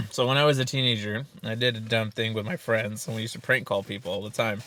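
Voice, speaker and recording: A man in his thirties chatting casually while eating, telling animated stories with frequent laughter and swearing. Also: lowish voice, fast, slight background noise. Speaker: podcast co-host.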